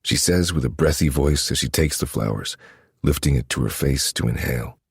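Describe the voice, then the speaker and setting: A man narrating a first-person romance story in a low, intimate, steady manner. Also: moderate pace, vocal fry, slightly rough, no room sound, clean studio sound. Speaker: audiobook narrator.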